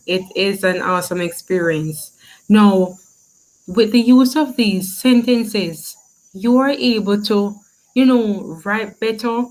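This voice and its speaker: Slow, encouraging woman teacher. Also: mid-range voice, rough recording. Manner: slow, encouraging, asks questions and praises. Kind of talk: classroom lesson.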